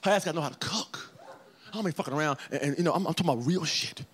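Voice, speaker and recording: A man performing a stand-up comedy set, telling stories loudly with profanity and bursts of shouting. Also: on the high side, racing. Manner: loud, profane, animated storytelling with shouts. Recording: live club with audience laughter and noise.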